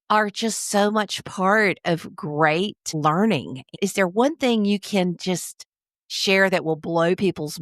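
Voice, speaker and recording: A woman's voice: on the low side, a bit bright, no room sound, studio quality. Upbeat woman podcast host. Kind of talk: podcast interview and sign-off.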